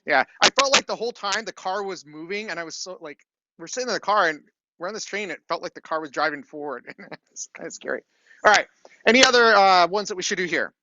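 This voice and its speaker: Middle-aged man, chatty lecturer, slightly high voice, checks in with "okay?", dry classroom capture. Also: animated, fast, pushed and bright, dry recording, highs cut off. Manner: chatty storytelling, frequent "okay?" check-ins. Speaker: university lecturer.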